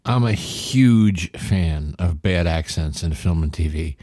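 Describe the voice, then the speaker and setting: A man hosting his own show, giving sardonic, deliberate recommendations with the odd laugh. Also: low voice, expressive, warm tone, no room sound. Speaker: podcast host. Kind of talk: casual comedic monologue.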